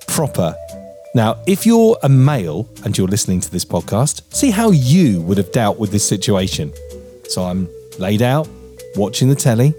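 A man in his forties co-hosting a podcast, telling a story in animated, mock-outraged casual chat and swearing freely. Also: lowish voice, normal speed, soft background music. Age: 40s. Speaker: podcast co-host.

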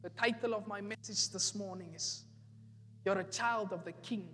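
A man's voice: high voice, moderate pace, a bit bright. Male pastor, emphatic repetitive sermon delivery, reverberant church hall. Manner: emphatic preaching, repeating phrases for effect. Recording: echoey hall with faint music.

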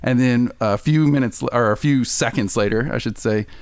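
A man's voice: mid-range voice, moderate pace, clear, resonant tone, dry recording. A young man, a podcast guest, telling a story in casual chat, laughing often and acting out the voices of people in it. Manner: animated, laughing, acts out quoted voices.

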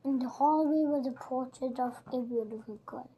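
A child narrating a storybook aloud, reading slowly and carefully. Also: high-pitched, dull audio, a little hiss or hum.

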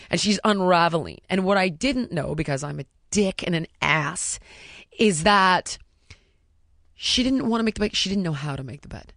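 A woman's voice: on the low side, animated, moderate pace, a bit bright, dry recording, studio quality. A woman hosting a podcast, talking frankly and swearing freely as she tells stories from her life as a mother. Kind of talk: candid casual podcast chat. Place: podcast studio.

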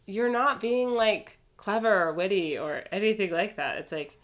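A woman's voice: mid-range voice, animated, normal speed. A woman co-hosting a podcast, recapping a reality show in casual chat, blunt and sarcastic and swearing freely. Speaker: podcast co-host.

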